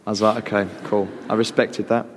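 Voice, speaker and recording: British man, gravelly voice, animated storyteller, live hall with long reverb. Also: lowish voice, a little fast, a little hiss or hum. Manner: lively, animated, acts out other people's voices. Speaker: actor guest. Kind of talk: anecdotal storytelling on stage. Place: live event hall with audience.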